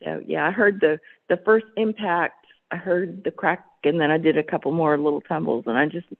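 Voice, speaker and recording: A podcast guest with a gravelly, creaky voice, chatting casually, laughing often and trailing off mid-sentence. The audio is thin and tinny, as if it comes through a phone line. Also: mid-range voice, steady tone, normal speed. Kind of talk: casual conversation over a call.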